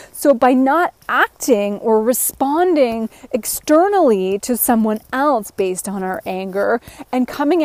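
A woman's voice: fairly high pitch, a little mellow, dry recording. A woman giving an earnest, encouraging self-help talk, speaking in long run-on sentences as a life coach. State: a bit out of breath.

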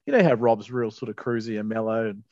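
A man's voice: fairly low pitch, fast, a little mellow, no room sound, highs cut off. A man, co-hosting a podcast and telling a casual story, laid-back, laughing often and swearing freely. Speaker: podcast co-host.

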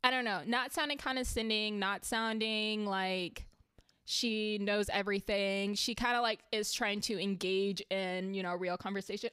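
A chatty woman recaps reality TV in a casual, heated way and swears when something annoys her. Her voice is smooth and clear. The sound is dry and close, with no room around it. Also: medium pitch, fairly even intonation, moderate pace, sharp tone, no room sound.

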